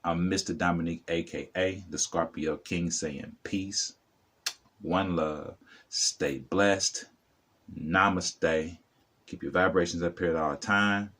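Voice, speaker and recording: Low-voiced man preaching to camera. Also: steady tone, takes it slowly, a bit bright. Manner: preachy, repetitive, addresses viewer directly. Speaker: spiritual vlogger. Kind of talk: motivational talk to camera.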